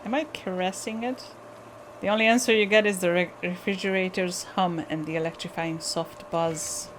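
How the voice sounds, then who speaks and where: A woman playing a video game, reading the on-screen text aloud and breaking off with blunt swearing and quick asides. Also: fairly low pitch, fairly even intonation, a little hiss or hum.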